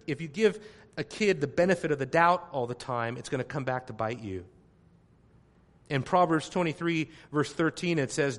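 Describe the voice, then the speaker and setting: A man in a church hall delivers a sermon to his congregation. His voice sits a little high for a man, and he preaches emphatically. He drops to quiet asides, then bursts into loud exclamations and hammers his points with repeated phrases.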